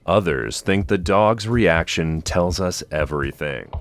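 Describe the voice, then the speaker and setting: A man with a very low voice narrates a countdown of creepy clips, taking his time over every line. His delivery is slow and ominous, with soft music playing underneath. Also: lively intonation. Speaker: narrator of a countdown list video. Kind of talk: scripted horror-list narration. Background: soft background music.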